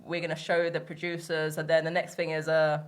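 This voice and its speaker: A woman's voice: low voice, completely flat delivery, fairly quick. A woman, a guest chatting casually in a frank, blunt way and laughing easily. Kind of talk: casual chat.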